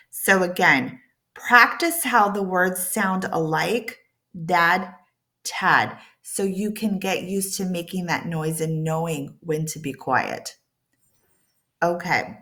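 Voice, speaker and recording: A woman teaching an accent reduction lesson, drilling consonant sounds with slow, careful enunciation. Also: fairly low pitch, fairly bright tone. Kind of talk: pronunciation lesson.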